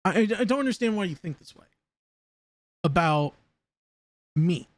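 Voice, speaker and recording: A man's voice: sits high, expressive, normal speed, dry recording. A man live-streaming casual commentary, rambling and often stammering over repeated words.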